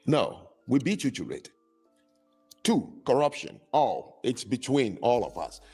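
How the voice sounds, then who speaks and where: A man's voice: mid-range voice, big pitch swings, unhurried, darkish tone, slightly rough, faint music behind. A man from Africa on a live-stream panel, listing points one by one in a sardonic way. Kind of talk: casual live-stream debate.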